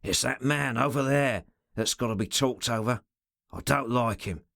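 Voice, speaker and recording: A man voicing a rough, loyal henchman who argues in coarse common speech, with a soft purr and a snarling undertone. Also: mid-range voice, normal speed, no room sound, clean studio sound. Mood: indignant. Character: rough loyal male henchman, fretful and scrappy.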